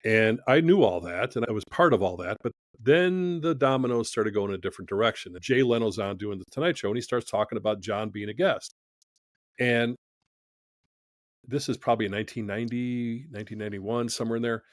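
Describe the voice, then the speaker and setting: A man's voice: lowish voice, brisk, no echo. A man who is a podcast guest, telling a story in conversation from his studio, acting out the dialogue as he goes.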